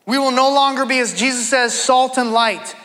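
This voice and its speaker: Male pastor, very high voice, bright and forceful tone, emphatic sermon delivery, long church reverb. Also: steady tone, moderate pace. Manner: emphatic preaching, rising into fervent quoted voices.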